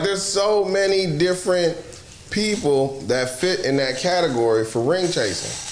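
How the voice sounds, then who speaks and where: A man hosting a casual sports talk show, loud and profane, laughing often as he talks. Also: medium pitch. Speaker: podcast host. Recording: roomy echo, faint noise.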